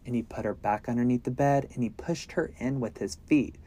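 A man hosting a true crime podcast, telling the case casually with lots of filler words and dropping to a hush at grim moments. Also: mid-range voice, fairly quick.

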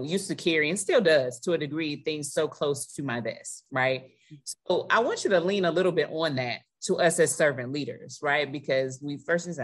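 A woman hosting an interview as a leadership coach, affirming and often checking in with "right?". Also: deep voice. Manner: affirming, asks with repeated "right?".

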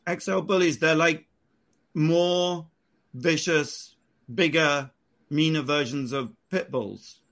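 High-voiced breezy man. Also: slow. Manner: breezy, gossipy, animated. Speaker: co-host. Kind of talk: casual chat.

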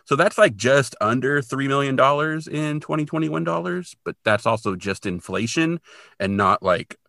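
A man's voice: mid-range voice, lively intonation, normal speed, creaky, sharp tone, dry recording, clean studio sound. A man co-hosting a podcast, recapping an episode in a chatty, self-deprecating way with lots of fillers. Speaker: podcast co-host.

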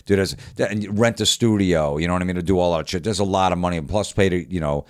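A man's voice: sits low, fast, no echo, clean studio sound. A man from Florida chatting casually as a podcast guest, acting out the voices of people in his stories. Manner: animated storyteller, acts out quoted voices. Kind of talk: casual storytelling chat.

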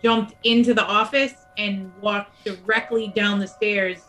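A woman's voice: mid-range voice, fairly even intonation, unhurried, fairly bright tone, soft background music, poor audio. A woman playing a tabletop game, thinking aloud in a hesitant way as she describes her character's moves. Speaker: player.

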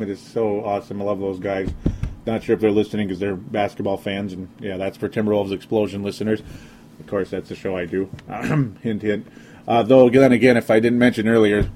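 A man's voice: fairly low pitch, warm tone. Rambling sarcastic man hosting a podcast. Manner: rambling, sarcastic, frequent fillers. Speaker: sports podcast host. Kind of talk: casual sports podcast monologue.

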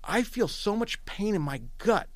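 Man, New York accent, middle-aged, gravelly, emphatic storyteller, dry close mic. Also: high-pitched, expressive, measured pace, no room sound. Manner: emphatic, repeats himself, quotes dialogue. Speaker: podcast guest. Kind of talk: animated storytelling.

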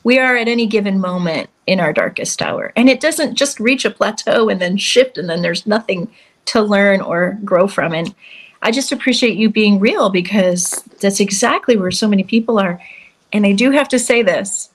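A woman's voice: mid-range voice, normal speed. A woman hosting a podcast interview, responding to her guest in an affirming, reflective way. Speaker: podcast host. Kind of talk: casual interview chat.

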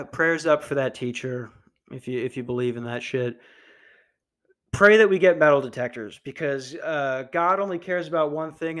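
A young adult man hosting a podcast, delivering a dark comedy monologue in a dry, deadpan way. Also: fairly high pitch, clear, resonant tone. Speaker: podcast host.

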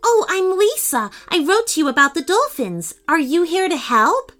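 A woman voicing an eager young girl who loves dolphins, speaking in an excited, breathless way. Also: extremely high pitch, normal speed, pitched above the performer's own voice, heavily acted.

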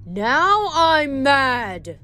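A woman's voice: a little high, animated, a little slow, faint music behind. A woman voicing a fussy, rule-obsessed male statue god who shrieks and scolds indignantly. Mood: furious.

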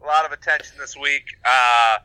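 A man co-hosting a casual chat show, talking in a halting way with lots of fillers and restarts. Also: mid-range voice, fairly even intonation, over a noisy crowd, rough recording. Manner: hesitant, many fillers and restarts. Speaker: podcast co-host.

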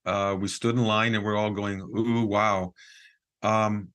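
Low-voiced man telling a story. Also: normal speed. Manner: lively storyteller with frequent fillers and quoted dialogue. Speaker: podcast guest. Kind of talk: casual storytelling.

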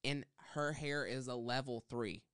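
A man's voice: mid-range voice, steady tone, unhurried, fairly bright tone, smooth, no room sound, studio quality. A man co-hosting a podcast, casually telling a long salon story with lots of fillers. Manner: chatty, rambling with fillers. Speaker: podcast co-host, hairstylist.

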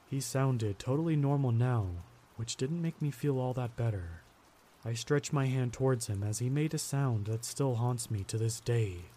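Guy reading a creepy story, dark mellow voice, steady and tense. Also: mid-range voice, slight background noise. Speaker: narrator. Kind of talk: scripted horror story narration.

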